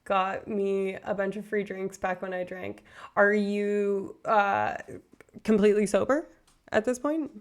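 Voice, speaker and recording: A woman's voice: medium pitch, fairly even intonation, a little slow. A woman in her thirties, casually chatting with viewers on a livestream and wandering off on tangents with self-deprecating asides. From far north Alberta, Canada. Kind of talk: casual chat reading viewer comments.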